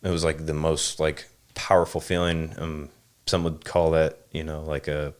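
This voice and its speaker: A man in his thirties, a podcast guest, talking reflectively in a casual conversation with many pauses and fillers. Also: rumbling low, little pitch movement, smooth.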